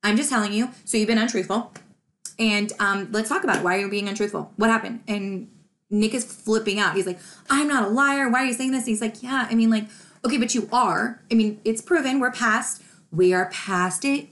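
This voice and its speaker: A woman's voice: on the high side, a little fast, fairly bright tone. A woman casually retelling a true crime case, acting out the quoted dialogue with lots of "like" fillers.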